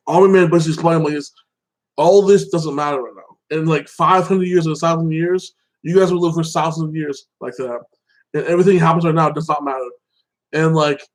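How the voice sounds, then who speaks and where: A man's voice: fairly high pitch, a little mellow, low-quality recording. A man hosting his own channel, chatting casually and rambling, filling his talk with "like that" and "you know" and greeting viewers by name. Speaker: YouTube channel host. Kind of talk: casual solo livestream chat.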